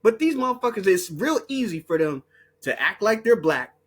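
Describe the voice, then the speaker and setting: Blunt, heated male commentator with a high, lively, husky voice, riffing off the cuff. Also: moderate pace. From United States. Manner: heated and blunt, laughs between points, mocks others in put-on voices. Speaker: online commentator. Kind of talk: unscripted profane rant.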